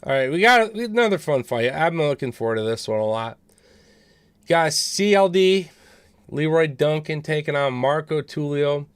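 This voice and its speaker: Chill podcast host guy, smooth voice, dry close sound, cusses a lot. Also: a little high, expressive, normal speed, no echo. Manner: laid-back, profane, betting talk. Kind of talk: casual podcast banter and fight predictions.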